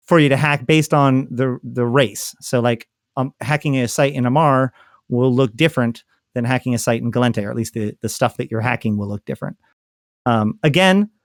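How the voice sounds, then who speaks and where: A man's voice: mid-range voice, dry recording. Guy on a gaming podcast over a call, dry close sound, lots of ums and restarts. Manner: thinking aloud, many fillers and restarts. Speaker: podcast co-host. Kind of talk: casual gaming podcast chat.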